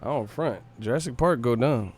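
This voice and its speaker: A man's voice: mid-range voice, expressive, moderate pace, darkish tone, slightly rough. Profane, slangy man reading live chat. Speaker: livestream host.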